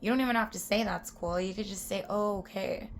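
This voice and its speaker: A woman's voice: medium pitch, quick pace, a little hiss or hum. Rambling, swearing young woman vlogger. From US-Mexico border region. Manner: rambling, profane, drops into whispered asides. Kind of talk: casual chat to camera.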